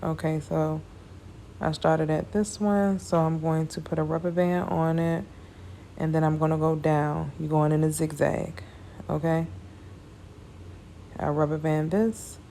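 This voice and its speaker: A woman with a low, gravelly voice walks viewers through a braiding tutorial in a relaxed, chatty way. She sounds tired and speaks in a flat, even tone. Faint background noise sits under her voice. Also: measured pace, pauses often. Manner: casual, chatty, addresses viewers as y'all. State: tired, yawning. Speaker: hair braider. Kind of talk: hair tutorial talk.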